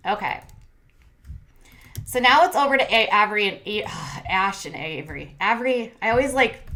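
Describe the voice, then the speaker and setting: Bright-voiced chatty woman recapping TV. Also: medium pitch. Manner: chatty, filler-heavy, opinionated and sarcastic. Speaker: commentary host. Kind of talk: casual reality TV recap commentary.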